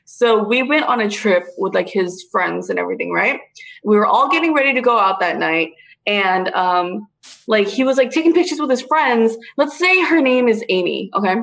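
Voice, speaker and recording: A young woman in casual chat, telling a story in an animated way, swearing freely and calling her listeners dude and bro. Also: medium pitch, normal speed, vocal fry, poor audio.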